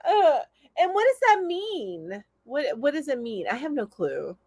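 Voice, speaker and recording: A woman's voice: high voice, big pitch swings, measured pace, a little mellow. A woman hosting a casual live stream, chatty and enthusiastic, reading out viewer comments and laughing often. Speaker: host of a live crochet chat show.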